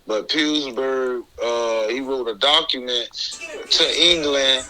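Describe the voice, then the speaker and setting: A man's voice: mid-range voice, slow, sharp tone, faint music behind, poor audio. A man as an interview guest, talking casually in a loose, rambling way with many restarts and bits of slang. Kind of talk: casual conversation.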